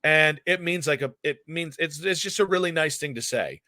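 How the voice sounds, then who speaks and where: A young man co-hosting a sports podcast, talking in a bright, forceful voice that sits a bit high for a man. He tells stories animatedly, jumping up in pitch and volume when excited. The sound is close and dry. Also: normal speed, dry recording. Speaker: podcast co-host. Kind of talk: casual chat.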